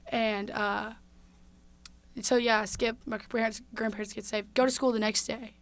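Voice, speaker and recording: A woman's voice: fairly high pitch, a little slow, no echo. A young woman, a podcast guest telling a heartfelt story in casual conversation. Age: young adult. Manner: heartfelt, animated, drops to a hush at tender moments.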